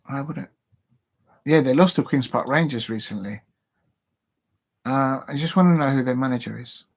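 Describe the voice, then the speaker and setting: A man from England hosts a live football stream at a middle pitch. He rambles casually and pokes fun at himself. He talks straight to his viewers. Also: normal speed. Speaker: football show host.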